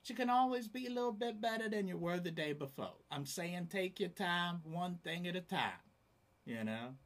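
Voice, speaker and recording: A man's voice: sits high, expressive, moderate pace, a bit bright. A man hosting his own casual vlog, talking in a laid-back, rambling way with lots of fillers. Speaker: YouTube channel host. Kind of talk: casual camera review vlog.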